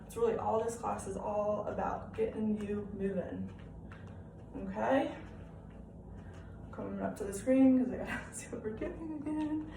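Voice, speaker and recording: A woman's voice: mid-range voice, measured pace, gravelly, pauses often, distant mic. Upbeat young woman leading a workout. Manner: upbeat, encouraging, checks in with "okay?". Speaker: fitness class instructor. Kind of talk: live-style home workout instruction. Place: room at home. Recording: echoey room, off-mic, faint background hiss.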